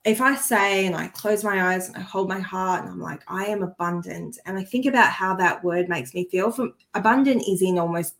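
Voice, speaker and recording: A woman's voice: medium pitch, brisk, few pauses, fairly bright tone. Earnest, heartfelt woman healer chatting. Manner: earnest and heartfelt, easily moved; chatty, with frequent restarts and asides. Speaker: spiritual healer on a podcast. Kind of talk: casual conversational chat.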